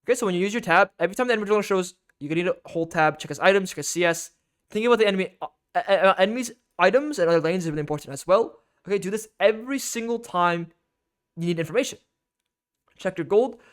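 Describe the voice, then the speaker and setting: A man's voice: high-pitched, fast. A man giving an instructional game guide as a coach, emphatic and repetitive, often checking in with "okay?".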